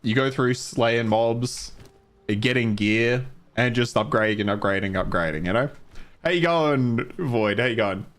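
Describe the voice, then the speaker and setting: A man's voice: mid-range voice, a little slow, a bit bright. Chatty streamer guy greeting viewers. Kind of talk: casual gameplay livestream.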